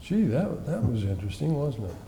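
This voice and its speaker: A man's voice: mid-range voice, very animated, a little fast, a crowd in the background. A man conducting an oral history interview, chatty and hesitant with many fillers. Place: library room with long reverb. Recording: reverberant hall.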